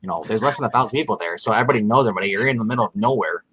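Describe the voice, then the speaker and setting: A man's voice: on the low side, very fast, fairly bright tone, husky. A man co-hosting a casual episode recap, retelling scenes animatedly and acting out the characters' lines with frequent laughs. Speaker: podcast co-host.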